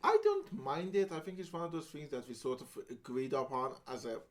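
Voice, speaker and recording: A man's voice: a little high, very animated, fairly quick. A man co-hosting a film podcast in casual chat, blunt and profane, laughing often as he talks. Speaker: podcast co-host.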